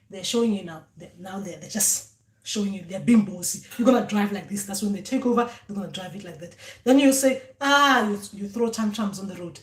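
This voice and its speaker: A woman's voice: mid-range voice, a little fast, reverberant. A woman giving a casual spiritual talk about dreams, often repeating words and voicing what her ancestors say. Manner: repetitive, voices ancestors speaking.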